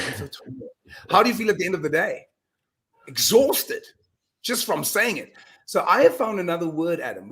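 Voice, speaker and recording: A man talking as a guest in a casual interview, telling animated stories and acting out his own self-talk, often restarting words. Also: on the high side. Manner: animated storyteller, repeats words when restarting. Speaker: podcast guest, mindset coach.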